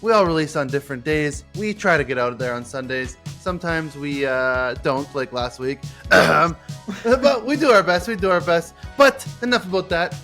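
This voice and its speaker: A young man co-hosting a casual gaming podcast, energetic and loose, swearing freely and full of fillers. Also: a little high. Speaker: podcast co-host.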